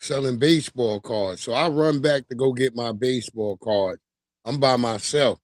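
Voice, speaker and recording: A man telling a long, profane childhood story on his livestream in a streetwise, animated way. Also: medium pitch, normal speed, no room sound, studio quality. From New York. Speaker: livestream host. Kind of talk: casual storytelling.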